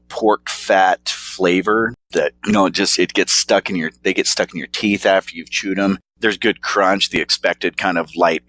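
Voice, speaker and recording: Male podcast co-host, low voice, relaxed rambling delivery, laughs easily. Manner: laid-back, rambling, chuckles often. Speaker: podcast co-host reviewing snacks. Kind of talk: casual chat.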